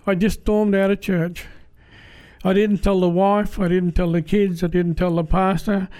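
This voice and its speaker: An Australian man giving a personal church testimony in a plain-spoken, halting, earnest way. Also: high voice, level tone, warm tone, clear, resonant tone.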